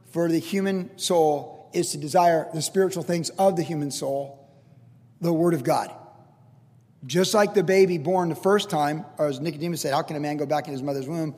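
An older man preaches a sermon, his voice pitched high. He teaches in an earnest, conversational way, slipping in casual asides as his words ring out in a long, reverberant hall. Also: measured pace, darkish tone. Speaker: pastor.

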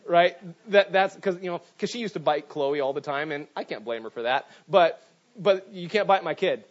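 Animated male preacher, lo-fi sound. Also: a little high, moderate pace. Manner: animated storytelling with frequent "right?" asides. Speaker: pastor. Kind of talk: sermon. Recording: dull lo-fi sound.

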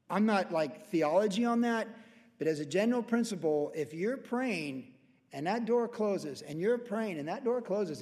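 A pastor with a high, darkish voice teaches scripture verse by verse, speaking conversationally to the room like a friend and slipping into quoted voices. The long reverb of a large church hall carries his words.

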